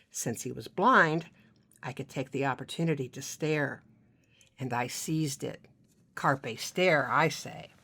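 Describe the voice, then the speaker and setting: A woman with a low voice reads her own novel aloud. She tells the first-person story wryly, with lively timing and a dry sense of humor. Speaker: author reading her novel. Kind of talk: reading fiction aloud.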